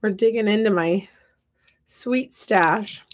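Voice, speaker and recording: A woman's voice: mid-range voice, slow pace, slight background noise. A woman hosting a casual craft livestream from her home office, chatting and reading out viewer comments. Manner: playful and upbeat. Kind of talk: casual chat while crafting.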